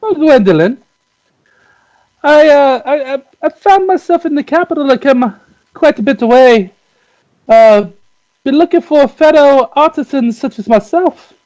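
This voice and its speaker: A man's voice: extremely high pitch, animated, unhurried, long pauses, darkish tone, low-quality recording. A man voicing an awkward, chatty male dwarf tinkerer in a folksy drawl, stumbling over fillers and restarts. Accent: put-on folksy drawl. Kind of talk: in-character tabletop role-play.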